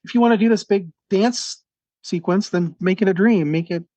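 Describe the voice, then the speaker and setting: A man's voice: sits high, moderate pace, mellow, dry recording. A man co-hosting a film review podcast, chatting in a dismissive, sarcastic and jokey way. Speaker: podcast co-host, film critic. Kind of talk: casual chat.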